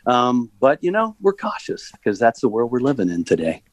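A man appearing as a podcast guest, an elected official who tells animated stories and laughs between his thoughts. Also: medium pitch, normal speed, no echo, rough recording. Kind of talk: casual conversational storytelling.

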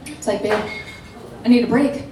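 High-voiced dramatic woman telling a story. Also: moderate pace, distant mic, a little hiss or hum. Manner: animated, dramatic, laughing asides, acts out quotes. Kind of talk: casual storytelling. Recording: echoey room, voice off-mic.

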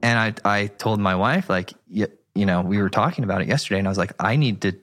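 A man's voice: fairly low pitch, fast, a bit bright. A man hosting a podcast, asking a rambling question with a laugh in his voice. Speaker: podcast host. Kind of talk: casual interview question.

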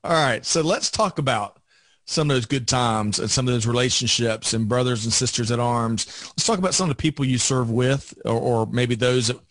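A man hosting a veterans podcast, asking long, measured questions of his guest. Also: mid-range voice, fairly bright tone, dry recording. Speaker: podcast host. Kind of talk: interview questions.

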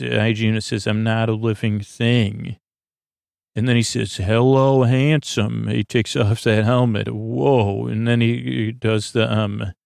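A gravelly-voiced man hosts a bedtime podcast, recapping an episode in a wandering, halting manner. His pitch stays flat and even as he stumbles through fillers. The sound is close and dry, with no room around it. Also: no room sound. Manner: meandering, halting delivery with many fillers; quotes characters in his own low-key voice. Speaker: podcast host.

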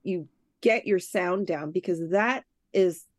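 A woman on a podcast, a festival programmer, telling stories in a lively chat and acting out what people said. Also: fairly low pitch, takes it slowly, no echo. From Canada. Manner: animated storyteller, acts out quotes.

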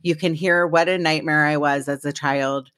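Low-voiced chatty woman podcast host. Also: steady tone, moderate pace, fairly bright tone, no room sound, studio quality. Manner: chatty, rambling storytelling. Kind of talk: casual chat.

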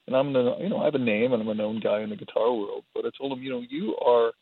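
Over a tinny, husky phone line, a man appearing as a guitarist guest chats in a sing-song way at medium pitch. He's a fast talker, rambling and self-deprecating, with frequent repetition.

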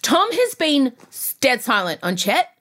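A woman co-hosting a casual pop culture chat, gossipy and excitable, laughing often. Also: high-pitched, a little slow. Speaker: podcast co-host.

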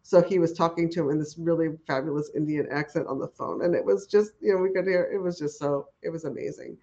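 Speaking quickly in a low, dark voice, a woman who works with horses rambles eagerly as an interview guest, restarting often and leaning on fillers. The audio is dull and lo-fi.

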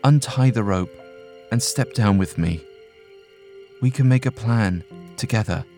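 A man voicing a young male soldier who speaks gently and earnestly, in a storytelling podcast. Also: fairly low pitch, a little slow, soft background music, close to an everyday voice. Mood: pleading.

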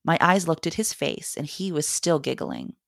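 A woman's voice: low-pitched, huge pitch swings, normal speed, gravelly, no echo, clean studio sound. A woman hosting a podcast, reading her personal essay aloud with wry humour. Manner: wry, humorous storytelling. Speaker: podcast host and mother.

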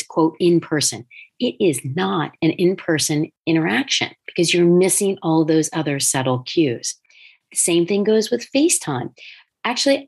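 A woman's voice: lowish voice, breathy edge. A middle-aged woman hosting a podcast, talking casually and telling stories, acting out other people's words along the way. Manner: animated storytelling, acts out quoted voices. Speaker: podcast host, designer. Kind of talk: casual solo podcast talk.

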